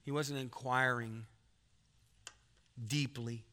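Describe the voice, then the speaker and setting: A man's voice: medium pitch, steady tone, takes it slowly, sharp tone. A man, preaching a folksy sermon as pastor of his church. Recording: long hall reverb.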